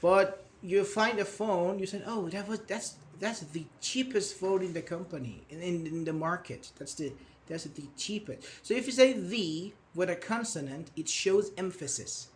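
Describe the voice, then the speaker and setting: A man's voice: high-pitched, normal speed, slight background noise. A man teaching an online grammar class, patiently explaining with examples and praising his students. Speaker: English teacher.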